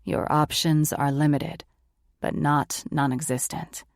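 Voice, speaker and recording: A woman reading an audiobook, voicing a smooth, confident man who speaks in a low, measured and knowing way. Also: fairly even intonation, dry recording, clean studio sound. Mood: sly. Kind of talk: audiobook character voice.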